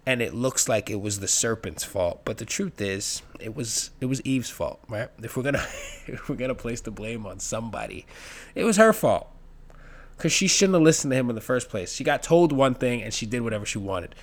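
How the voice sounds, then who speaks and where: A man performing a profane, sarcastic comedic monologue in a mid-range voice. He rambles and jumps suddenly to loud, animated bursts. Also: medium pitch, normal speed. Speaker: stand-up comedian.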